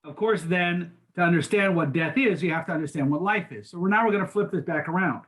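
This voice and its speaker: A man's voice: sits high, fast talker, fairly bright tone. Older man teaching an informal class. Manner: informal, frequent restarts and repeated words. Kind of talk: conversational lecture.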